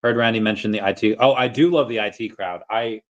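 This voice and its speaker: A man's voice: fairly low pitch, fairly quick. A man hosting a casual livestream, reading chat in a rambling, self-amused way from an empty basement on a tablet mic. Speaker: livestream host.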